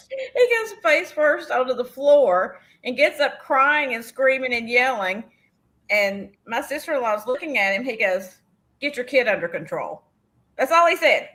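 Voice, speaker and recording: A woman tells stories in an animated, chatty way and laughs often as she goes. Her voice is bright and forceful and sits fairly high. She comes across as a middle-aged co-host chatting casually during a live sale. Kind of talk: casual storytelling chat.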